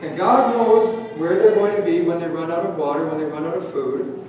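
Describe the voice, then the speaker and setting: His pitch is a little high and his tone steady as he preaches a little fast, slightly mellow, through lo-fi sound. The man is a pastor from Canada in a church sanctuary, storytelling and asking the congregation questions. A faint hum and far-off, echoey hall acoustics color the audio.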